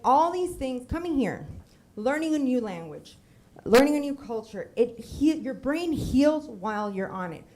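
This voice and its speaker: A woman's voice: medium pitch, warm tone, slight background noise. A woman in her thirties from Miami, telling a comic personal story on a theater stage and acting out the voices of the people she quotes.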